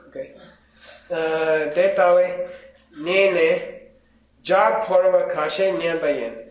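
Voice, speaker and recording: A man teaching a class on Buddhism, reading out Tibetan lines slowly and then explaining them in casual, joking English to his students. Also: high-pitched. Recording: echoey, dull lo-fi room recording.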